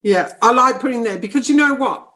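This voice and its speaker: Slightly fast and on the high side, this middle-aged New Zealand woman, a psychic medium, shares laughing anecdotes in an interview. She's animated in her casual storytelling and frequently bursts out laughing.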